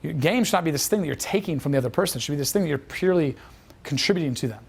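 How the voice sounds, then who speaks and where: A man delivers a quick, rambling lesson as a dating coach. His voice sits a little high, and he often restarts his sentences and acts out quoted lines. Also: expressive, vocal fry, slightly rough. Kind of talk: instructional talk.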